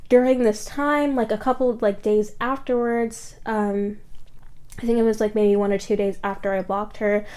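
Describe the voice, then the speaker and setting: A woman's voice: mid-range voice, fairly even intonation, normal speed, darkish tone. A woman vlogger telling a story in a casual, rambling way, full of "like" fillers and blunt swearing.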